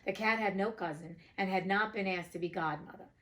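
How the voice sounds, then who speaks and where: A woman's voice: medium pitch, a little fast, fairly bright tone, poor audio. Chatty woman reading fairy tales aloud. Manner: chatty, blunt asides with swearing. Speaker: reader and host. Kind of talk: fairy tale reading with casual commentary.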